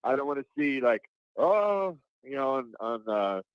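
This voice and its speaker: A man calling into a sports talk show, rambling and halting, often restarting his sentences. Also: mid-range voice, very animated, clear, resonant tone, dry recording. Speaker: caller. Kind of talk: casual call-in chat. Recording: dull dry phone line.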